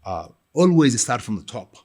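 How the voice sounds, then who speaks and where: A middle-aged man from Ethiopia, a podcast guest and company founder telling stories in an animated way with frequent fillers. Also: mid-range voice, normal speed. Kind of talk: storytelling in a podcast interview.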